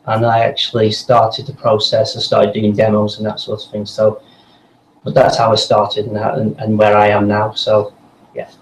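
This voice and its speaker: A man's voice: lowish voice, monotone, normal speed. A man being interviewed as a voice actor, telling a long story in a rambling way with many fillers and restarts. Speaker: voice actor guest. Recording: roomy echo with faint background hum.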